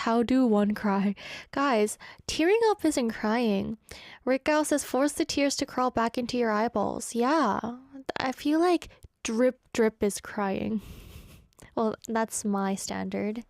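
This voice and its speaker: A woman's voice: a little high, darkish tone, no room sound, clean studio sound. A young woman hosting a radio show, chatting casually and reading out listener messages with frequent giggles. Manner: giggly, chatty, self-deprecating. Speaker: radio host. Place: radio studio. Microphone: studio microphone.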